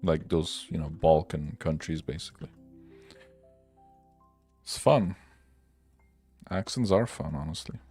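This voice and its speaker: A man's voice: rumbling low, unhurried, pauses often, mellow, faint music behind. A young man hosting a livestream, chatting casually in a rambling, loose and profane way. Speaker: livestream host. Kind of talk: casual livestream chat while working.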